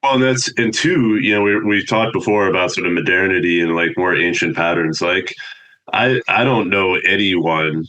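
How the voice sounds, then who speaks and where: Deep-voiced, bright man. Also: steady tone, normal speed, poor audio. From United States. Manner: thoughtful, earnest explaining. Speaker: theologian guest. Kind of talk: reflective podcast conversation.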